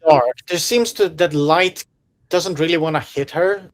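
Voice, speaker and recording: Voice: mid-range voice, a little slow. A game master narrating a horror tabletop game, describing scenes in a loose, rambling way with lots of fillers and restarts.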